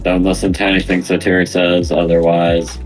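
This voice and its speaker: Very deep-voiced man rambling casually. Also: completely flat delivery, brisk, faint music behind, poor audio. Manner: rambling, self-mocking talk to the audience. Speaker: podcast co-host. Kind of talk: casual chat.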